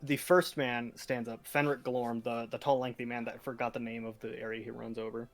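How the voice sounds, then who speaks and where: A man's voice: mid-range voice, little pitch movement, fairly quick, soft background music. A man narrating as game master of a tabletop game, casual and full of fillers.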